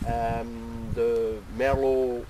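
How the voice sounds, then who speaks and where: A Scottish man, a vineyard grower, explaining in a measured, matter-of-fact way during an outdoor chat. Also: medium pitch, level tone. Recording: distant mic outdoors, loud wind noise.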